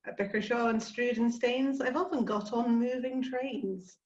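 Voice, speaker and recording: A woman's voice: fairly high pitch, steady tone, unhurried, a little mellow, roomy sound, dull audio. A woman reading a comic rhyming poem aloud with a bouncy delivery. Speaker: poetry reader.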